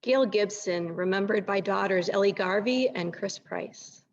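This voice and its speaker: A woman announcing each memorial remembrance in a measured, formal way, on a dull lo-fi recording. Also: mid-range voice. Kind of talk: read announcements.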